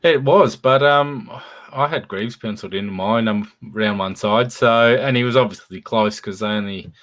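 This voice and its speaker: Easygoing Australian man, lowish voice. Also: moderate pace, a bit bright. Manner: easygoing, hesitant with fillers. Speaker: podcast co-host. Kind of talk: casual footy chat.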